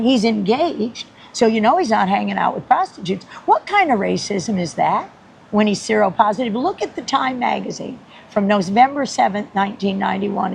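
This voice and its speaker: A woman guest on a podcast telling a story in an animated, rambling way, laughing often and acting out the people she quotes. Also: medium pitch, creaky, slight background noise, rough recording. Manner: rambling with many restarts.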